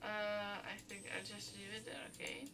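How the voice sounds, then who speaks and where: A woman's voice: medium pitch, level tone, normal speed, pushed and bright, distant mic, a little hiss or hum. A young woman from the Czech Republic, chatting and thinking aloud as she plays a game. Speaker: let's play host. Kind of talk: casual game commentary.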